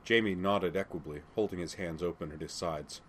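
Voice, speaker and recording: Deep-voiced man narrating a story. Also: fairly quick, slight background noise. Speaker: audiobook narrator. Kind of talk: fan fiction audiobook narration.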